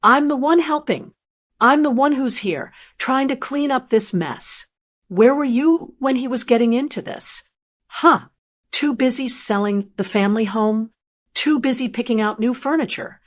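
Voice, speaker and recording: Woman doing a scheming middle-aged man, mocking, pushy, bullying, fairly high pitch. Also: expressive, a little slow. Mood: angry.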